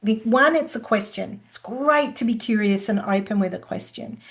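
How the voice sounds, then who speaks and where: A woman presenting a workplace skills webinar, teaching in a lively way and acting out quoted lines of dialogue. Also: mid-range voice, moderate pace.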